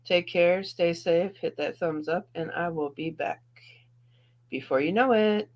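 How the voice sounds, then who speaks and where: A woman's voice: lowish voice, measured pace. A woman in her thirties, a YouTube reaction streamer, chatting casually on a livestream in a rambling way and laughing often. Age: 30s.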